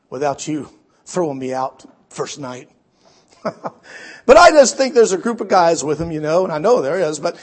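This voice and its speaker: A man preaching a sermon, animated, acting out quoted voices and swinging between shouts and hushed asides. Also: fairly high pitch, breathy edge.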